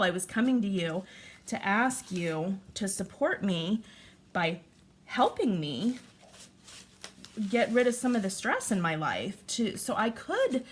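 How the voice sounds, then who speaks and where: A woman's voice: medium pitch, a little hiss or hum. A woman in her forties chatting candidly to her viewers while crafting, talking through a hard stretch with many fillers. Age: 40s. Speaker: vlogger, stay-at-home mother. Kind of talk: casual chat to camera while crafting.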